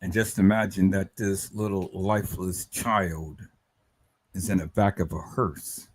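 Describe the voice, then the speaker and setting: Male livestream host, lowish voice, dry close sound, stammering, swings from agitated outbursts to soft trailing-off. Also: fairly even intonation, measured pace, husky, no room sound. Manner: stammering, repeats words, rising to agitated outbursts then trailing off softly. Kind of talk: emotional livestream commentary.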